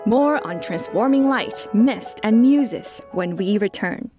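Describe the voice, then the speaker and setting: A woman host delivers scripted narration in a smooth, announcing manner. Her voice sits at a middle pitch. Music plays clearly beneath her. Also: animated, slow. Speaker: show host.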